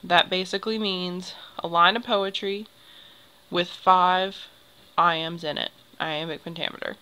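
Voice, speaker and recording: A woman's voice: fairly low pitch, fairly even intonation, a little slow, pushed and bright, clean tone, low-quality recording. A young woman teacher explaining poetry to a class, patient and step by step. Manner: explains patiently, draws symbols while talking.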